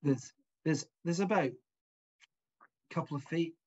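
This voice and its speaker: A man narrating as game master of a tabletop game, halting, with many fillers and restarts. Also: a little high, a little mellow, husky, highs cut off.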